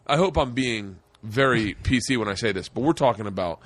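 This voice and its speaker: A podcast host in his forties telling loud, profane stories and slipping into voices. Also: medium pitch, animated, fairly quick, no room sound. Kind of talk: casual chat, animated storytelling.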